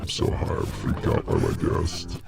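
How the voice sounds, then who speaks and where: A man voicing a stoned, panicky guy who talks slowly and keeps repeating himself, with loud music behind. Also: lightly acted. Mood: dazed.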